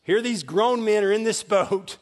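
High-voiced preacher in a reverberant hall. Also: male voice, moderate pace. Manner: animated storytelling, laughing often. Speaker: pastor. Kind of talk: sermon. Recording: long reverb of a large hall.

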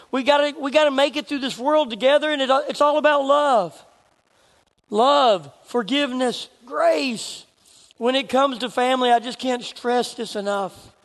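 A middle-aged man, preaching a sermon as pastor and telling stories with animated asides. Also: very high voice. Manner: storytelling, animated, chuckling asides. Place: church sanctuary. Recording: long reverb of a church hall.

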